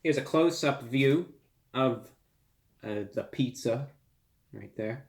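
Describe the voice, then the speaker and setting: A man's voice: medium pitch, takes it slowly, echoey room. Breathless man with formal dramatic delivery. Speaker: food reviewer. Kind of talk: comedic food review monologue.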